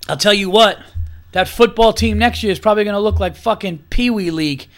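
A man in his thirties with a high voice delivers a furious, profane podcast rant. He hammers his points over and over with emphatic, heated repetition. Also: a little fast. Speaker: podcast host. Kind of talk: angry opinion rant.

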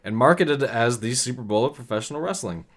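A man's voice: mid-range voice, animated, fairly quick, a bit bright, slight background noise. A man co-hosting a casual chat, reading history notes aloud and riffing on them with occasional swearing. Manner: casual, swears, reads passages then riffs. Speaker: podcast co-host.

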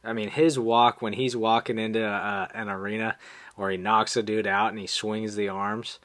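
A podcast host with a voice on the low side talks at a normal pace in a small studio with no echo. He's relaxed and casual, laughs easily, and uses fillers.

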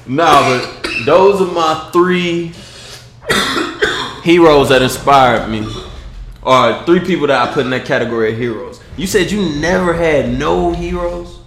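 A man in casual chat, explaining his views slowly and deliberately. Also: a little high, a bit bright, a little hiss or hum. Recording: echoey room.

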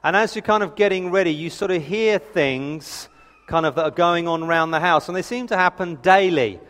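A man's voice: a little high, moderate pace, fairly bright tone. Man preaching chattily in a reverberant hall. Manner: chatty, anecdotal, self-deprecating. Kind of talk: sermon. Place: church hall.

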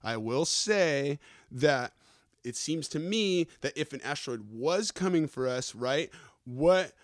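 A man's voice: fairly high pitch, expressive, takes it slowly, no echo. Slangy profane man ranting, dry sound. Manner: slangy, keeps adding "right?" and "okay?". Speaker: podcast host. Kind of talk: casual profane news rant.

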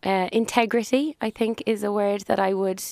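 A woman's voice: mid-range voice, fairly even intonation, normal speed, gravelly, darkish tone, no echo, studio quality. Chatty businesswoman. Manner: chatty, laughs easily, thinks aloud with fillers. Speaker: business owner, interview guest. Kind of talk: casual interview chat.

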